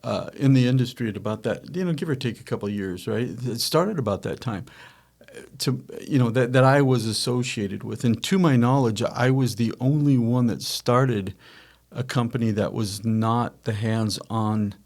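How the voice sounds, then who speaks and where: A man's voice: medium pitch, moderate pace, a little mellow. A middle-aged man hosting a podcast, telling a family business story in a rambling, self-correcting way and acting out quoted dialogue. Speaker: podcast host, company founder. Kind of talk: casual storytelling chat.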